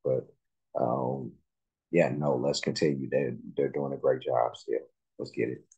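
A man hosting a music reaction video, talking slowly and haltingly with many fillers and restarts. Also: a bass voice, little pitch movement, gravelly, dark tone, husky, dull audio. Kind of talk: casual reaction commentary.

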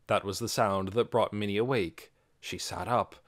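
A man reading an audiobook aloud with expressive storytelling. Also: lowish voice, normal speed, no echo, studio quality. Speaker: audiobook narrator. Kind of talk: scripted audiobook narration.

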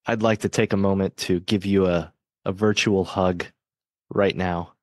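A man's voice: low-pitched, fairly even intonation, measured pace, dry recording, studio quality. A man hosting a podcast in casual chat, friendly and joking with his co-host.

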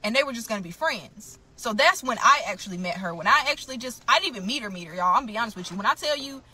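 A woman's voice: a little high, lively intonation, very fast, sharp tone, breathy edge. A woman telling her own story to camera, blunt and emphatic, often calling out to her viewers.

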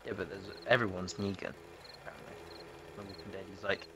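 A man's voice: low-pitched, steady tone, quick pace, noisy background. A man chatting with a friend while gaming, laid-back and telling silly jokes, on a headset mic. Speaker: let's play co-host. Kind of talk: casual gaming banter.

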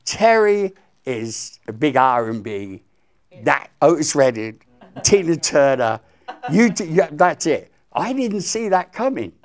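A man's voice: a little high, slow pace. Older english guy telling old stories, voice jumps all over, gets really into it. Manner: animated storyteller, acts out quotes. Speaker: guest musician. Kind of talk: storytelling interview.

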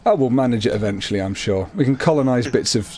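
A man's voice: mid-range voice, fast talker, a little mellow, soft background music. A young man casually chatting through a co-op strategy game, chatty and self-amused. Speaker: game commentator. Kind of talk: casual co-op gameplay chat.

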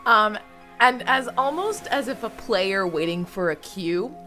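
A woman's voice: medium pitch, lively intonation, unhurried, bright, forceful tone, faint music behind. A woman player describing her character's actions in a tabletop game, giggly and descriptive. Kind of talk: tabletop role-play narration.

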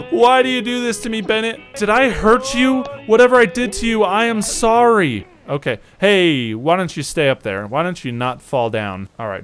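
A man doing let's play commentary, exaggerated and sarcastic, breaking into loud yells. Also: on the high side. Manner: exaggerated, sarcastic, bursts into yelling. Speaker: gaming YouTuber.

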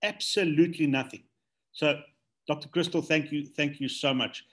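A man's voice: a little high, steady tone, normal speed. A man hosting a video call, thanking the guest effusively and addressing the audience. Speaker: host. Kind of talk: casual hosting.

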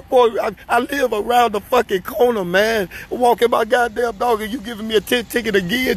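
A high-voiced man rants into his phone out on a street, upset and close to tears. He keeps repeating himself and swears a lot, climbing toward shouting. Faint street noise sits behind him. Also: fairly even intonation, a little fast, hardly any pauses. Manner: distressed, repetitive, profane, rising to shouting. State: tearful and agitated. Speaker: upset citizen filming himself. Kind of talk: emotional phone video rant. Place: outdoors on a street by a car.

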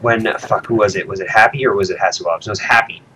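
A man's voice: on the low side, racing, sharp tone, a little hiss or hum. A man co-hosting a casual gaming podcast, joking and swearing freely, his voice coming through a home mic with a robotic digital distortion. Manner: profane, joking banter. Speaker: podcast co-host. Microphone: home computer microphone.

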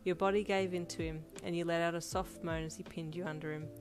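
A woman narrating a second-person fan fiction audiobook in a steady storytelling read. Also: fairly low pitch, quick pace. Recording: loud music bed under voice.

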